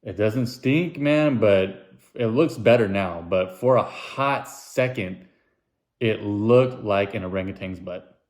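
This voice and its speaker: A young adult man hosting a casual solo podcast, rambling with self-mocking jokes and dropping into silly high voices when quoting people. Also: takes it slowly, a little mellow. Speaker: podcast host.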